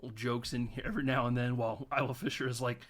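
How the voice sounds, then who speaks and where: A man's voice: mid-range voice, flat delivery, very fast, fairly bright tone. A man hosting a podcast, loosely retelling a comedy film with profanity, frequent laughter and acted-out quotes. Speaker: podcast host. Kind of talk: casual film recap chat.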